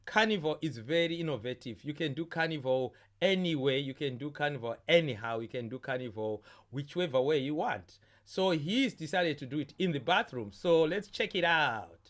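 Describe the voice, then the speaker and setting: Name: stream host. Sex: man. Pitch: high. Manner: jovial, chatty, repeats himself. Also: expressive, fairly quick, few pauses, a bit bright. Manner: jovial, repeats his words, chats to viewers. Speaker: host of an online carnival stream. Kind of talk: casual live-stream hosting.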